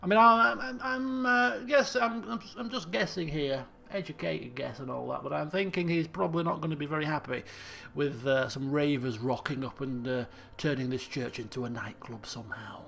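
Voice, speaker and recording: A man commentates casually on a video game, cracking jokes and tripping over his own restarts. His voice sits a little high with a gravelly fry running through it. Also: fairly even intonation, moderate pace, hardly any pauses, pushed and bright. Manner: rambling and jokey, with stammered restarts. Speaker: let's play commentator.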